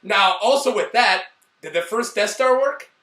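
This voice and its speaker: A high-voiced man with a bright, ringing tone, reviewing a movie in casual chat. He gets animated, swears and acts out lines in loud bursts. The sound is roomy and he sits back from the mic. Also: moderate pace, recorded from a distance.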